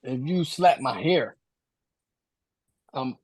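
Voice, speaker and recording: A man's voice: mid-range voice, animated, slow, darkish tone, no echo. A man co-hosting a casual sports podcast in a laid-back, joking way. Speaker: podcast co-host.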